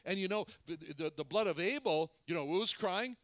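A man preaching a sermon in an earnest, halting way, often restarting and repeating words. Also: sits high, expressive, a bit bright, no echo. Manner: earnest, lingers on phrases.

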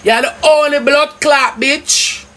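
A woman with a Jamaican accent, her voice sitting a little high, rants hotly through a livestream. She curses freely and her pitch swoops up and down as she scolds. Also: steady tone, slow pace. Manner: angry, cursing, loud and swooping. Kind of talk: heated livestream rant.

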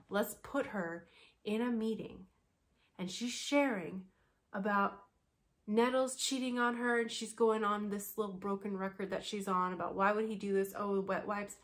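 A woman talking frankly in a casual commentary vlog, blunt and quick to laugh. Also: mid-range voice. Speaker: commentary vlogger.

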